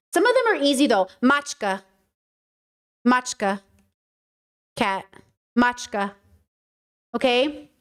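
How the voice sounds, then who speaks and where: Chatty American woman, a bit high. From United States. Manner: playful, swearing, chatty, repeats words for emphasis. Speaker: host. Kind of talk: casual livestream chat.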